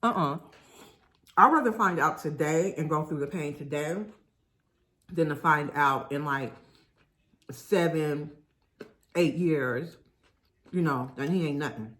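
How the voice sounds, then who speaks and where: Brief: young adult woman, mukbang vlogger, lower voice, animated and chatty, says y'all to the audience. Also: takes it slowly, long pauses. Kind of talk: casual storytelling while eating.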